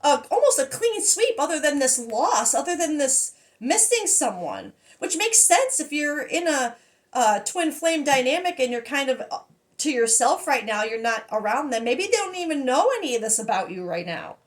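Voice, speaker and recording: A woman giving a casual tarot reading, excitable and emotional, often laughing and trailing off mid-sentence. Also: sits high, normal speed. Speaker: tarot reader.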